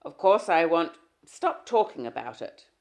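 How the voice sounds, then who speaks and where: A woman reading the lines of an irritable young husband in an audiobook, with loud, clipped, defensive retorts. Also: lowish voice, big pitch swings, a little slow. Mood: exasperated. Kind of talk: audiobook character dialogue.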